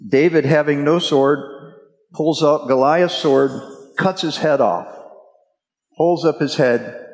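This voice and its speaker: Guy preaching, kinda high voice, chatty storyteller, big echoey hall. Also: takes it slowly. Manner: casual storytelling, addresses listeners as guys. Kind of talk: sermon.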